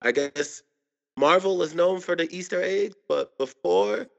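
A man's voice: sits high, measured pace, vocal fry, lo-fi sound. A man co-hosting a casual podcast, hesitant and searching for his words. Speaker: podcast co-host. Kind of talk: casual chat.

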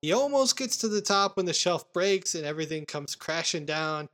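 A man hosting a casual podcast, retelling movie scenes with animated quoted lines. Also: a little high, moderate pace. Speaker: podcast host recapping a film. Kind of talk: casual chat.

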